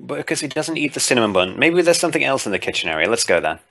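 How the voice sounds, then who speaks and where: A young woman co-hosting a game playthrough, joking in a dry drawl and dipping into gruff voices. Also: very deep voice, sing-song, racing, fairly bright tone. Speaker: let's play co-host. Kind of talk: casual game commentary with voices.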